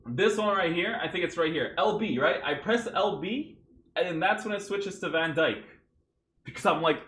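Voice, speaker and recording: A man with a high, fairly bright voice and lively intonation comments unhurriedly on his own gameplay clips. As a gaming YouTuber reviewing them, he's exasperated and ranting, often asking "right?", recorded in an echoey room.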